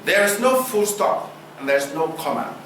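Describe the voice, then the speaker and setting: A man preaching a sermon, asking his listeners rhetorical questions and using deliberate pauses for effect. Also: high-pitched, very animated, a bit bright, slight background noise. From Nigeria. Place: church hall. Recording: roomy hall recording, distant mic.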